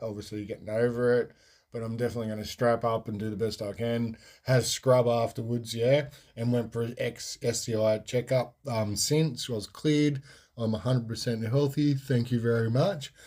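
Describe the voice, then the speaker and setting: A young man tells a personal story to his podcast listeners, speaking frankly and meandering through "um"s and false starts. His voice is mellow and warm, with a dark tone. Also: mid-range voice. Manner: rambling, frank, lots of fillers and restarts. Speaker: podcast host. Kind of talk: casual storytelling monologue.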